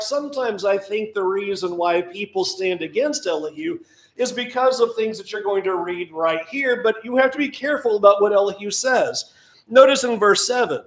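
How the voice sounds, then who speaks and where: High-voiced guy preaching, leans hard on repeated points, lots of room echo like a church hall. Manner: emphatic, repeats key phrases. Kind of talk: sermon with scripture reading. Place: church auditorium.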